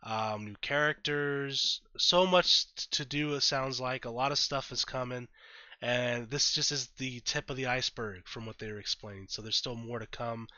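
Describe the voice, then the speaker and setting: Bright-voiced rambling gaming vlogger, a man. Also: medium pitch, moderate pace, dry recording, muffled recording. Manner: rambling, filler-heavy, thinks aloud; blunt and profane when annoyed. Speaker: gaming YouTuber. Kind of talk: casual reaction commentary.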